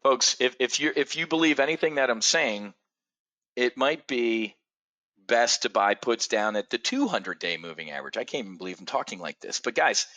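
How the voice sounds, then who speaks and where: Blunt, bright-voiced middle-aged man. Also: mid-range voice, lively intonation, moderate pace. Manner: blunt, profane and emphatic; addresses viewers directly by name. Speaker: trading show host. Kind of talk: live market commentary.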